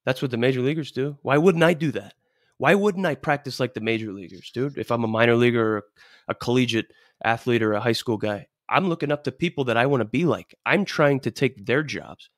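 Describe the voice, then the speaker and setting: A man's voice: mid-range voice, fairly quick, no echo, clean studio sound. Emphatic male podcast host asking rhetorical questions. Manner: emphatic, repetitive, rhetorical questions, says "dude" a lot. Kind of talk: casual coaching advice chat.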